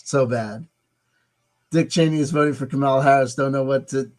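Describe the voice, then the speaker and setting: A man's voice: medium pitch, a little fast, low-quality recording. A man hosting a casual live stream, musing aloud, rambling and swearing as he decides what to show next.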